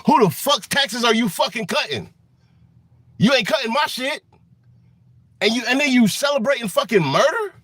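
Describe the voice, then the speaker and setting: A man's voice: sits high, animated, normal speed, fairly bright tone, no echo. A man giving an angry political rant, swearing often and restarting his sentences with many fillers. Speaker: political commentator.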